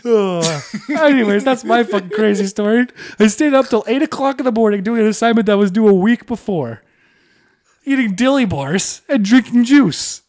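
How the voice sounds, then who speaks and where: A man's voice: high-pitched, expressive, moderate pace, darkish tone. A young man co-hosting a podcast, telling rambling, profane stories and laughing often. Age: young adult. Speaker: podcast co-host. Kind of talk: casual podcast chat.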